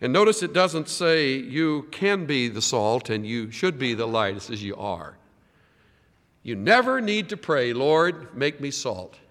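A man preaching a sermon, swinging from loud, emphatic lines to hushed, quiet ones. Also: mid-range voice, expressive, a little slow, in a large hall. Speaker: pastor.

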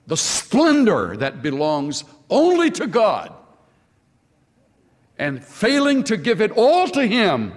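A man preaching a sermon with impassioned, emphatic repetition and long pauses on key words. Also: a little high, a bit bright. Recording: long hall reverb.

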